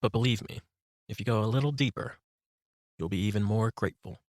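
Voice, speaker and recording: A man reading his own guided meditation book in a calm, instructive, unhurried voice. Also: lowish voice, dry recording, studio quality. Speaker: author narrating his book. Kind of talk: guided meditation audiobook narration.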